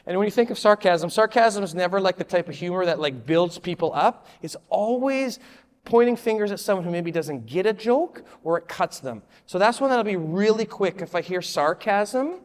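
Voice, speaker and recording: A man's voice: high voice, lively intonation, normal speed, in a large hall. A man leading a volunteer training session, speaking casually and repeating answers from the group. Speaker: children's ministry leader training volunteers. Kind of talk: live training talk to a room.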